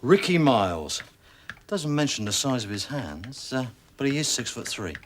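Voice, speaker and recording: An actor plays a jovial officer who thinks aloud as he hunts through records. His pitch bounces around freely, and the old soundtrack hisses beneath him. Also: sing-song, normal speed, lightly acted. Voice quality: musing, jovial.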